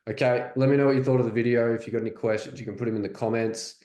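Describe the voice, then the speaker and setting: A man with an Australian accent teaching French in a casual, chatty way, sometimes repeating phrases slowly to demonstrate them. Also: mid-range voice, steady tone, mellow. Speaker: French coach. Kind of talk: language lesson. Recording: roomy echo.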